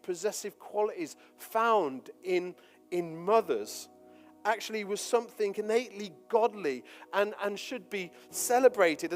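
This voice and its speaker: A male preacher delivering a sermon, moving between forceful scripture reading and relaxed, chatty asides. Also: high voice, big-room sound. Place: church hall.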